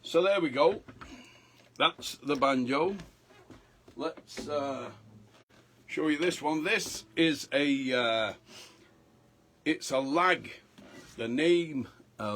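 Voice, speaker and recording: A man hosting a live stream from home, chatting casually between songs in a halting way with many pauses, his voice strained after a chest infection. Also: medium pitch, lively intonation, fairly bright tone, slight background noise. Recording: guitar sounding under the voice.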